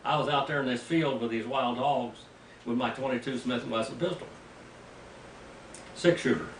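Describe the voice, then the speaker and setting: An older man, a pastor, preaching a sermon as an animated, folksy story with sudden loud bursts. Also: medium pitch. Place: mission field, preaching to a group. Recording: roomy, distant mic with faint ambient noise.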